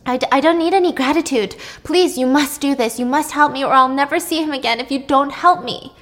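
A woman's voice: fairly quick, fairly bright tone. A woman voicing Circe, a pleading young nymph. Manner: pleading, breathless, high-pitched. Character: lovesick pleading young female sea nymph.

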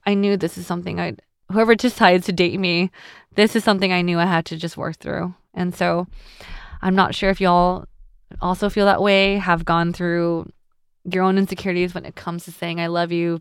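Young woman host, candid, slightly emotional, lowish smooth voice, restarts sentences, dry close sound. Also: no room sound. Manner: candid and tender, with frequent restarts. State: a little emotional. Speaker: podcast host. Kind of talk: personal reflective podcast talk.

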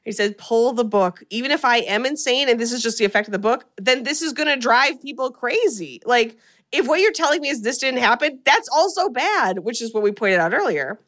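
A woman's voice: fairly high pitch, expressive, brisk, fairly bright tone. A woman hosting a podcast, recapping a horror movie in casual chat and laughing often as she retells scenes. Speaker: podcast host.

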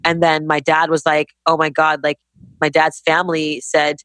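A woman in her forties, a business-owner guest in a casual interview, talking in an emphatic, animated, rapid way. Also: low voice, no echo. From Canada. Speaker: guest entrepreneur.

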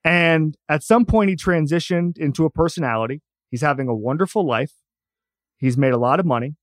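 A man's voice: a little high, fairly quick, no room sound. A man co-hosts a casual sports podcast at a studio microphone. His delivery is wry and teasing. The sound is close and dry. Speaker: podcast co-host.

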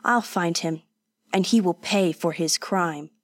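A woman's voice: on the low side, unhurried, dry recording. A woman voicing a proud, impatient young man in a storybook reading, speaking curtly and earnestly. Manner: curt, earnest, tense.

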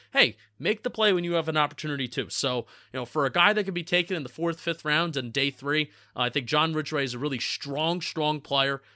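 A man with a New Jersey accent talks loosely and chattily, his voice bright and forceful and pitched a little high. The sound is close and dry, with no room around it. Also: no room sound. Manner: chatty, restarts words, laughs at own slips. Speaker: co-host of a football draft podcast. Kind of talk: casual sports analysis chat.

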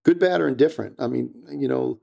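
An older man speaks as a podcast guest, his voice deeply gravelly and warm. He tells family stories in an earnest, reflective way, like a practiced public speaker, with an even, middle pitch. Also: quick pace. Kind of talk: casual podcast conversation.

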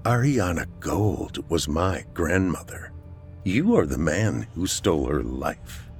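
A man's voice: deep voice, big pitch swings, takes it slowly, soft background music, exaggerated voice. Man voicing a grave, accusing woman. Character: determined, grave woman seeking vengeance.

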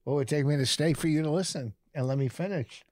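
A man's voice: fairly high pitch, fast talker, a little mellow, no echo, studio quality. A male comedian co-hosting a podcast, swearing and talking over his co-host as he insists on finishing his story. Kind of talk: argumentative podcast banter.

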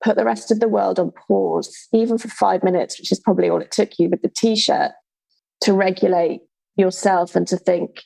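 A woman's voice: fairly low pitch, normal speed, vocal fry, mellow, slightly rough, no room sound, poor audio. A woman hosting an interview, speaking thoughtfully and in a casual, reflective way. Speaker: podcast host.

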